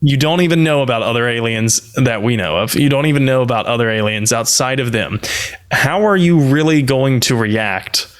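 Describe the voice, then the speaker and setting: A man's voice: mid-range voice, normal speed, clear, resonant tone. Thoughtful male lore co-host. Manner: explanatory, thoughtful, modest. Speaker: podcast co-host, lore expert. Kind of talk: casual podcast chat.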